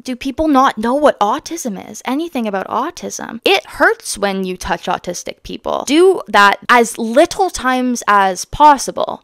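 A woman's voice: mid-range voice, a bit bright, dry recording, studio quality. A young woman from Canada giving heated, emphatic commentary as she reacts to a video, blunt and swearing freely. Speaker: autistic vlogger reacting to a therapy video.

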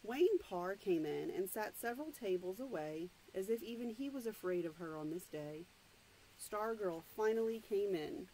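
A woman's voice: medium pitch, animated, mellow, slight background noise, poor audio. A woman reading a novel aloud, stopping now and then to explain the story in her own words. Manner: plain, unhurried read-aloud narration with asides. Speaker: reader.

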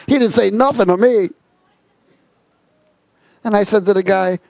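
Animated man preaching a sermon. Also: sits high, takes it slowly, creaky, pauses often, no room sound. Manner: animated storytelling with quoted voices. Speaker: pastor.

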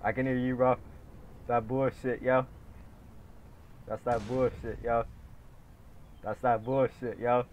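A man's voice: mid-range voice, slow, long pauses, highs cut off. A young man commenting on his own gameplay, slangy and profane, repeating catchphrases and taunting other players. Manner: taunting and laughing when excited.

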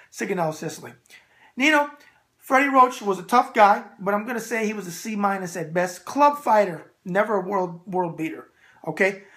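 A man hosting a boxing video mailbag, brash and animated, repeating a catchphrase. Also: high voice. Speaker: boxing show host answering viewer mail. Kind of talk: casual solo video mailbag.

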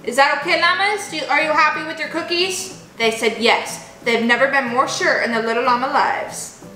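Bright, high-pitched playful woman vlogger. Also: moderate pace, roomy sound, soft background music. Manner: animated, talks to toys and viewers. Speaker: vlogger playing with toy llamas. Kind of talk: playful kids' vlog narration.

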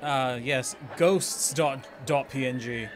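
A man's voice: mid-range voice, slow, some chatter behind, slight background noise. A man streaming a video game, giving casual commentary with sarcastic, swearing jokes.

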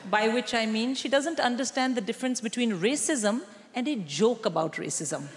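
Middle-aged woman, stand-up comedian, fairly high voice, punchy mock-lecturing delivery, live theatre hall with long reverb. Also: expressive, moderate pace, slight background noise. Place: large theatre stage.

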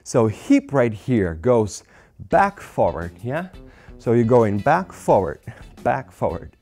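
A man's voice: medium pitch, big pitch swings, slow pace, a little mellow, faint music behind. A man teaching a dance lesson while demonstrating, counting beats aloud, slightly out of breath, with non-native phrasing. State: out of breath from dancing.

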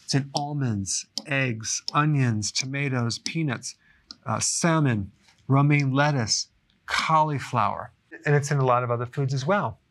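A man's voice: medium pitch, unhurried, noisy background. Chatty man explaining health tips. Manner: chatty, often adds "okay?". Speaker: health educator. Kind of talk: casual explainer talk to camera.

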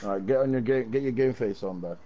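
A man's voice: medium pitch, quick pace, dark tone, highs cut off. A young man chatting casually while gaming, joking and hyping up the team.

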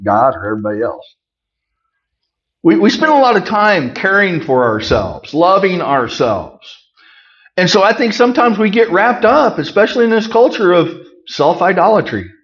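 A middle-aged man preaching a conversational sermon, folksy with joking asides, swinging from loud emphasis to quiet remarks. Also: high voice, very animated, moderate pace, highs cut off. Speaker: pastor.

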